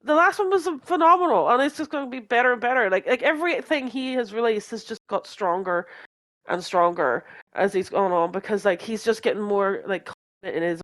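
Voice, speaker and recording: A female podcast co-host rambles through a casual fan chat, laughing often and full of fillers and restarts. She speaks fairly quickly at a medium pitch, animated and a bit bright.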